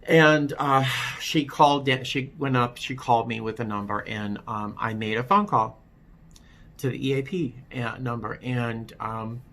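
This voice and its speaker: A man with a bright, forward tone and an ordinary middle pitch tells his own story in a personal testimony vlog. He speaks candidly, with a wry edge, and often stops to restart his sentences. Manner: halting, with frequent restarts. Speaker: vlogger telling his recovery story.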